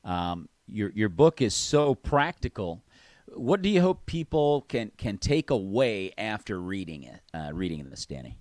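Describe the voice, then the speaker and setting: Male host, eager casual chat, lowish voice, dry close sound. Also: very animated, a little slow, a little mellow, no room sound. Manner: enthusiastic, casual, repeats words. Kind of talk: conversational interview.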